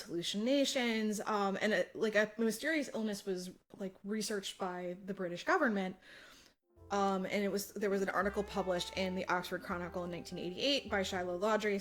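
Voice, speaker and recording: A woman co-hosting a podcast, casually retelling a story with lots of fillers and acted-out quotes. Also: mid-range voice. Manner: animated retelling, frequent fillers, acts out quotes. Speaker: podcast co-host. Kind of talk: casual chat.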